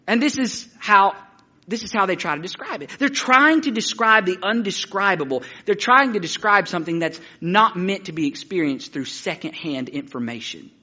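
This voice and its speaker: A man preaching a sermon, telling stories in an animated, excited and halting way. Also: a little high, dull audio. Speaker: pastor.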